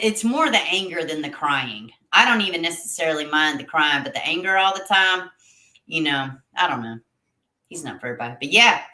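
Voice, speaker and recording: A woman's voice: sits low, bright, forceful tone, reverberant. A woman hosting a casual livestream, chatting with viewers, reading their comments aloud and laughing often. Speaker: livestream host reading chat.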